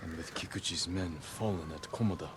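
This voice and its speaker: A man's voice: sits low, a little fast, close to an everyday voice. A man playing a stoic young samurai. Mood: calm. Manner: calm, reserved. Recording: game audio under a live stream, noisy.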